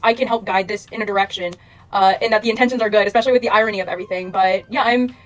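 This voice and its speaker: Rapid, rambling young woman creator. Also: mid-range voice, steady tone. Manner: rambling, filler-heavy, earnest. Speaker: social media creator. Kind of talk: casual monologue to followers.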